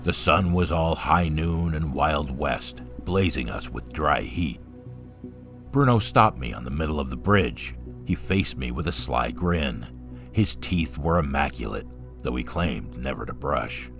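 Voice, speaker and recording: A man reading a first-person story aloud in a calm, steady narrating voice. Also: very deep voice, measured pace, music in the background.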